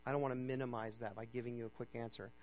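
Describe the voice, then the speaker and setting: Speaking very fast and with little change in pitch, a pastor gives a casual, conversational sermon. He frequently checks in by saying "okay?" and shifts between loud, emphatic reading and soft, low urging, captured on a rough recording.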